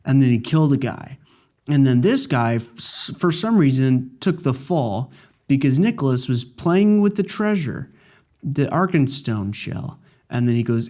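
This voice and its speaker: A man casually talking over a game, recapping the plot in a loose, jokey ramble full of "uh" and "like". His pitch moves a lot as he talks. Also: expressive, unhurried, mellow. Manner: rambling, jokey story recap with many fillers. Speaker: let's play gamer. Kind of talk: casual gameplay commentary.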